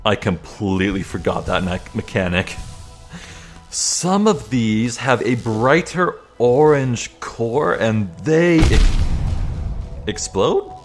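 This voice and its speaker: A young man chats his way through a video game, thinking aloud and joking at his own slips. He talks at an easy, unhurried pace, his pitch in the ordinary middle range. Soft game music sits faintly under him. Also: big pitch swings. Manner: chatty, self-deprecating, thinks aloud. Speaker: let's play host. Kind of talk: casual gameplay commentary.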